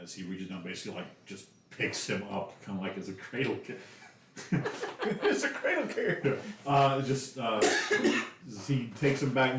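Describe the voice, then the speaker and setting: A man's voice: fairly low pitch, a little hiss or hum. A man with a Southern US accent narrating a tabletop game as game master, full of fillers and restarts. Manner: lively, many fillers. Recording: echoey room, distant mic.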